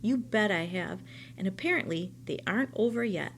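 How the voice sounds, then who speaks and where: A woman's voice: mid-range voice, moderate pace, slight background noise, natural voice. Woman voicing a weary, despairing toy rabbit. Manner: quiet, flat, despairing.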